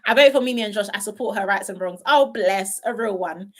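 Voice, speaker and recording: A woman's voice: medium pitch, fairly quick. A young woman casually chatting on a live stream, reading viewer comments with playful asides, frequent laughs and trailing ums. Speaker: reality show commentator.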